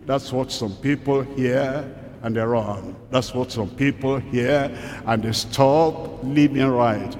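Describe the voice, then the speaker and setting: A man preaching a sermon, reading scripture slowly with deliberate pauses. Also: a little mellow. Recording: hall reverb, faint rumble.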